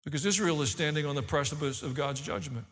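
A man preaching a sermon as pastor, animated, rising and falling as he teaches. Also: a little high, quick pace, long reverb tail.

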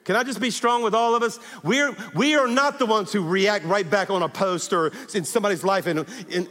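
A middle-aged man preaching a sermon as a pastor, animated and exhorting his congregation, telling stories and calling out to the crowd. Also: high-pitched, fairly quick, few pauses. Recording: reverberant hall.

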